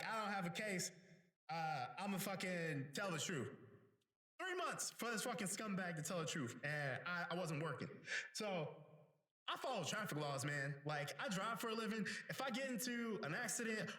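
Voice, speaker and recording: Male podcast host, high bright voice, swears nonstop and rambles, roomy and a bit off-mic. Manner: heated, swears constantly, rambling. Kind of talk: profane ranting monologue. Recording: roomy sound, distant mic.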